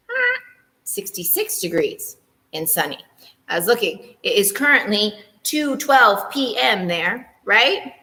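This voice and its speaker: A woman's voice: on the high side, bright, forceful tone, in a large hall. A woman teacher running a playful morning meeting for children, humming little tunes and teasing herself as she goes. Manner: playful, self-teasing, hums and sings little transition tunes.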